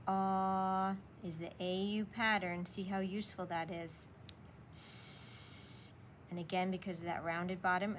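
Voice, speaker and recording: A woman teacher talks children through a spelling lesson, speaking slowly and sounding out each letter with patience. Her voice sits at an ordinary middle pitch. A faint ambient hiss stays underneath.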